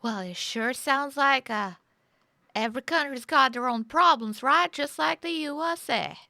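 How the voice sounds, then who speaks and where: A woman's voice: high-pitched, a little slow, creaky, pushed and bright, no room sound, clean studio sound. A woman streamer playing a chirpy saloon server in a Western game role-play, talking with a folksy drawl.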